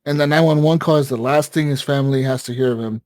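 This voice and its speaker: A man's voice: medium pitch, fast, darkish tone, no room sound. A man casually telling a long story on a gaming podcast, rambling with lots of fillers and swearing. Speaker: podcast co-host.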